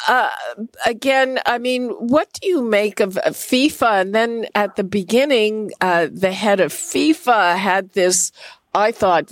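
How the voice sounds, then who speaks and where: Woman radio host, unhurried delivery, dry close sound, exacting about getting words right. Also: mid-range voice, no room sound. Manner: measured, precise about pronunciation. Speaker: radio talk show host. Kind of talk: radio interview.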